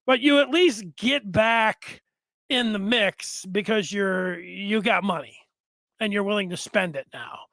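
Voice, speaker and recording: High-voiced rambling sports talk host. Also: male voice, unhurried, vocal fry, a bit bright, no echo. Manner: rambling, frequent restarts, chuckles. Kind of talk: casual sports talk, reading viewer comments.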